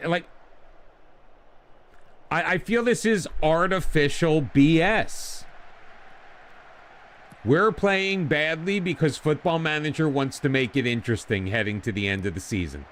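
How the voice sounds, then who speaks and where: A man talks through his own game in a slow, drawn-out way, his pitch leaping around as frustration builds. He grumbles and argues with the game itself. A faint hiss of noise sits under the voice. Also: animated, fairly bright tone. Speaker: gaming channel host. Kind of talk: casual game commentary.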